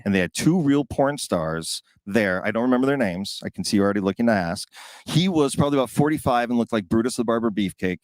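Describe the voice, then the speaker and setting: A man from Minnesota, a guest, telling a casual story with lively pacing. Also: mid-range voice, fast, no room sound.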